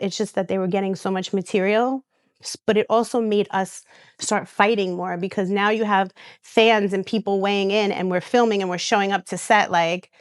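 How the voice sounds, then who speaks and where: This is a woman, sitting at a podcast mic and recounting stories. She talks in a chatty, animated way, slipping into other people's voices with quick restarts. Her voice is smooth and clear, recorded close and dry. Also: mid-range voice, dry recording. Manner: animated storyteller who acts out quoted voices, with restarts and laughs. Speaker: reality TV star and guest. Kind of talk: casual storytelling interview.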